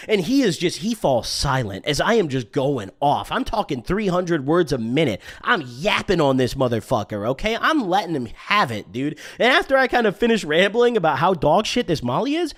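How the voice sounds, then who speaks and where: A man's voice: sits high, fairly quick, hardly any pauses. A man in his twenties telling a rambling personal story in casual chat, full of slang and "bro" and "dude" fillers. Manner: slangy, animated, drops "bro" and "dude" constantly. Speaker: storytime host. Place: streaming room.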